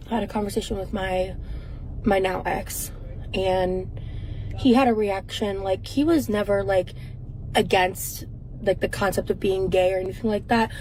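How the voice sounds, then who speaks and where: A woman's voice: medium pitch, darkish tone, a little hiss or hum, poor audio. A woman telling a personal story in a vlog, rambling, with many restarts. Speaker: vlogger in a clip.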